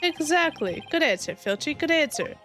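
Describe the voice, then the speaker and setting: A vain, preening dandy from a video game, all haughty airs and theatrical scorn, as a woman voices him. He talks in a raised, higher voice, puffed up with self-importance. Faint game music plays underneath. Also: sing-song, moderate pace, fairly bright tone. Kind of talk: fan voicing of game dialogue.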